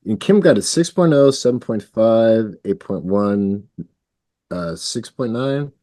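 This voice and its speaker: Dark-voiced man in dry casual chat. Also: fairly low pitch, lively intonation, slow pace, no room sound. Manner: laid-back, short interjections. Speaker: podcast co-host.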